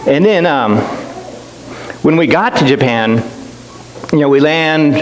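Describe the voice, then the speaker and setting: In an echoey church hall with faint hiss, a middle-aged guest missionary tells the congregation stories. His voice is on the high side and unhurried, with long pauses, and his chatty, self-deprecating delivery keeps restarting.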